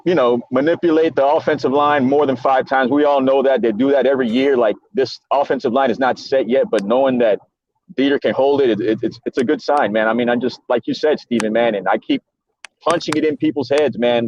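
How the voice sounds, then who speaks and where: A man's voice: mid-range voice, fairly quick, darkish tone, highs cut off. A man talking as a guest on a casual sports podcast, rambling and circling back with lots of fillers.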